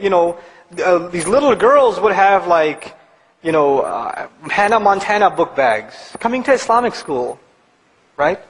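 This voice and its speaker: A man preaching a sermon in an animated, conversational way, building to emphatic points. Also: high voice, long reverb tail, a little hiss or hum, poor audio.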